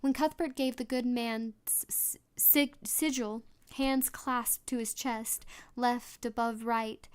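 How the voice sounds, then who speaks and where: A woman narrates a novel aloud in a smooth, clear voice that sits a little high. She reads steadily and stumbles now and then, restarting a word and going on. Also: fairly even intonation, measured pace, few pauses. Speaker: audiobook reader. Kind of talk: storybook narration.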